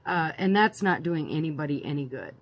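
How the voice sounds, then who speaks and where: A woman's voice: deep voice, animated, brisk. A middle-aged woman hosting a prepping channel, chatting casually in a ranting opinion vlog, laughing often and repeating words.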